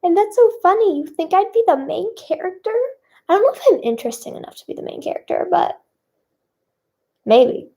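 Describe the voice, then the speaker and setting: A woman's voice: very high-pitched, big pitch swings, brisk, dark tone. A young woman singer answering fan questions in casual chat, bubbly and self-conscious, with many fillers.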